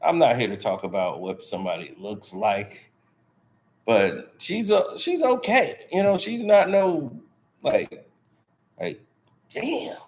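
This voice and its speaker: A man who hosts a channel, telling stories in a casual, slangy, animated way and often laughing. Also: mid-range voice, slow, long pauses. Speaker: channel host. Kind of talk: casual storytelling.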